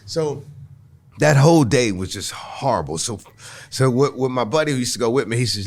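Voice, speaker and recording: A male comedian sits in as a podcast guest and unspools a personal story. He talks in an animated way, doubling back on his words and acting out the people he quotes. His voice sits at an ordinary middle pitch for a man. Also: normal speed. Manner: animated, repeats words at restarts, acts out voices. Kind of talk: storytelling anecdote. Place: podcast recording.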